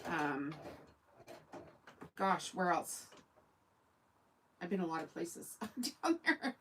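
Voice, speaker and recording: A woman's voice: lowish voice, big pitch swings, extremely slow, fairly bright tone, a little hiss or hum, low-quality recording. A woman from Canada, hosting a casual sewing livestream, chatting in a rambling way and answering viewers' comments. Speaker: sewing channel host.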